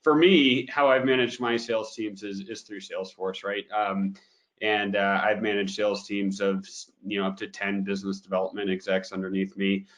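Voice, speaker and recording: A male interview guest with a fairly low voice who speaks in an easygoing, loose way. He pads his sentences with fillers and laughs easily as he talks about his work. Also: little pitch movement, moderate pace. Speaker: business development director, guest. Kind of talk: casual interview chat.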